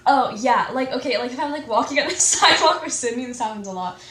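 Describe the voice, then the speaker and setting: A woman's voice: sits high, animated, quick pace, a bit bright, recorded from a distance. A teenage girl in casual chat, rambling and saying "like" constantly as she complains. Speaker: co-host. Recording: echoey room from off-mic.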